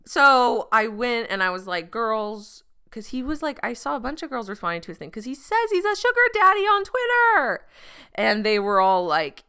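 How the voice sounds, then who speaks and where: A woman's voice: on the high side, sing-song, moderate pace, sharp tone, clear, resonant tone. A young woman hosting a comedy podcast, telling a crude, profanity-laced story with jokey asides. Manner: crude, profane, jokey with put-on quoted voices. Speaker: podcast host.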